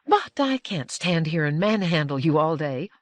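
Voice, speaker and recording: A woman's voice: low voice, sing-song, normal speed, no echo. Woman reading as a poised, curious aristocratic lady. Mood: playful.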